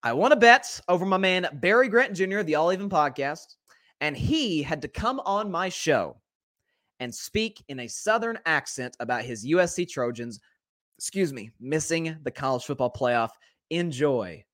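A man hosting a sports podcast in casual talk, excitable and laughing, often tripping over repeated words. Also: fairly high pitch, moderate pace, no room sound, clean studio sound. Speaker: podcast host.

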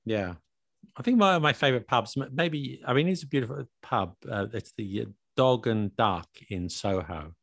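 A man from London chatting casually as host, hesitant and quick to laugh. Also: medium pitch, animated, dry recording, clean studio sound. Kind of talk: casual chat.

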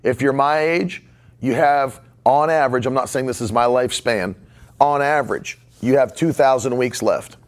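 A man's voice: medium pitch, moderate pace. A man in his forties preaching a podcast sermon, emphatic and fond of repeating short punchy lines. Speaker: pastor.

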